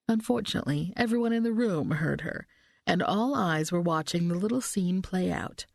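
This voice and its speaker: Give me a low, gravelly woman narrator. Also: animated, moderate pace, dry recording, studio quality. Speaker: audiobook narrator. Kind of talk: first-person audiobook narration.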